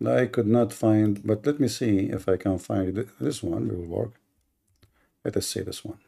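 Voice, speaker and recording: A man's voice: on the low side, unhurried, creaky, dark tone, slightly rough. A man hosting a live-streamed debate, talking in a mocking, provocative way and challenging his listeners. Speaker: debate livestream host. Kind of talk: combative live-stream monologue.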